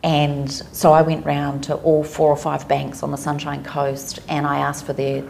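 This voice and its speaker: A New Zealand woman with a low voice and a gravelly edge tells her story openly as a podcast guest. Faint noise sits under her voice. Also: completely flat delivery, moderate pace, darkish tone. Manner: candid, emotional storytelling. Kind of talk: personal storytelling in an interview.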